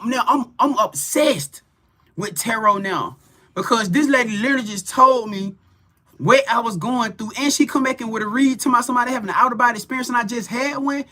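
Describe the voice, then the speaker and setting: A man hosting a tarot livestream tells a story in loose, casual talk. His voice is very bright and forward, and he keeps turning to his viewers as y'all. He talks in an animated, excitable way and swears freely. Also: extremely high pitch. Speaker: tarot reader and livestream host.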